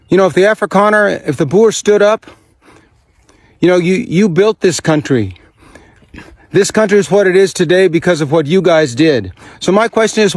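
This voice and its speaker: A man's voice: high-pitched, no room sound. Angry man ranting outdoors. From United States. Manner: angry, profane, repetitive rhetorical questions. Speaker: songwriter. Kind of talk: impassioned rant to camera. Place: outdoors on a farm.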